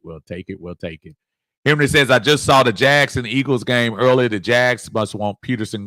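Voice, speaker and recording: A middle-aged man hosts a fan livestream, his voice bright and forceful. He talks in a lively, chuckling way as he reads off viewer comments and shouts people out. The sound is close and dry. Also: on the low side, no room sound. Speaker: livestream host. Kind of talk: casual sports chat reading viewer comments.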